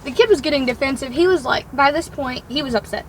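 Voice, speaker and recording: High-voiced young woman telling a story. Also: quick pace, heavy background noise. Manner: rambling storytelling, heavy use of "like". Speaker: daughter telling about her first workday. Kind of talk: casual chat.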